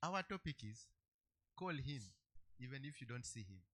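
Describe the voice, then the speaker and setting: A man preaching a sermon, emphatic, repeating key phrases and swinging between loud and soft. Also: mid-range voice, expressive, normal speed.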